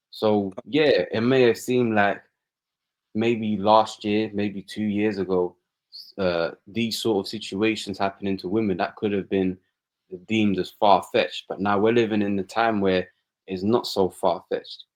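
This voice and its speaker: Male co-host, deep-ish register, preachy scripture reader. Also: steady tone, a little slow. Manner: preachy, frequent "you know" and "man". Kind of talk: religious podcast discussion.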